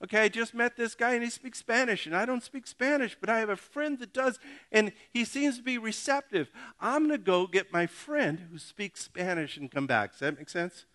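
A man's voice: high-pitched, normal speed, few pauses, fairly bright tone. A middle-aged male pastor giving a casual, joking sermon that often addresses the congregation directly.

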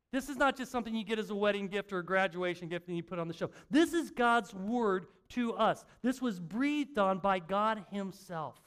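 An older male pastor with a high voice preaches in a church. He talks like he is chatting with friends, pokes fun at himself, and trips over his words as he restarts sentences. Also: a bit bright. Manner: conversational, self-mocking storytelling with frequent restarts. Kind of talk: sermon. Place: church sanctuary.

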